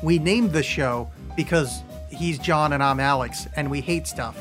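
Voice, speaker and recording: Brief: casual male podcaster promo, slightly high voice, faint music underneath. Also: measured pace. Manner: offhand, jokey.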